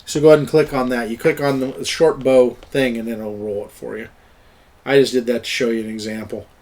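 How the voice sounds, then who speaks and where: A man's voice: medium pitch, steady tone, brisk, a little mellow. A middle-aged man running an online tabletop game as game master, chatty and explaining, laughing often. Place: at home, online voice chat.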